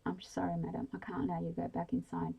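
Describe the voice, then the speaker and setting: A woman's voice: on the low side, completely flat delivery, fast talker, creaky, mellow, slightly rough, full character voice. Woman whispering as a firm young policeman. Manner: firm, official. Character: calm, firm young male police officer. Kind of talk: whispered role-play.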